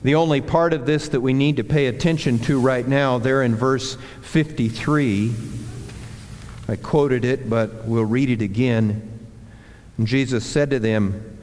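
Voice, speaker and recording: Slow, deliberate preaching man in a reverberant hall. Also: medium pitch, steady tone, a little mellow. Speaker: pastor. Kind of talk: sermon. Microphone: handheld or clip mic that slipped.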